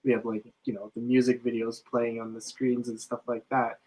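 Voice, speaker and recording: A man's voice: mid-range voice, flat delivery, normal speed, dark tone, husky, low-quality recording. A man, a casino dealer, chatting and laughing through his work stories. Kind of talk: casual chat.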